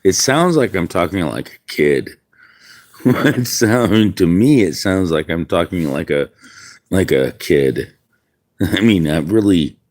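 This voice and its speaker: Low-pitched male streamer, unhurried, rambling chat, outdoors. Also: a little mellow. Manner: rambling, musing aloud. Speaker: livestreamer. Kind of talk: casual livestream chat. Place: outdoors in the wind.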